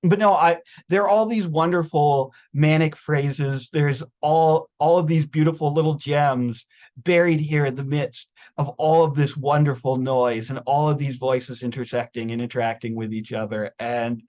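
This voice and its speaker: A fairly high-voiced man hosts a reading, gushing with praise while tripping over words and swearing casually. The audio sounds dull and lo-fi. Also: normal speed. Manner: excitable, tongue-tied, swears freely. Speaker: host of a reading event. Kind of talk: casual enthusiastic chat.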